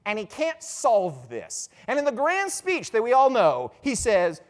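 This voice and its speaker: A man giving a lively conference lecture, telling the story with dramatic emphasis and casual asides to the audience. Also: extremely high pitch, measured pace, few pauses. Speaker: conference speaker on classical education.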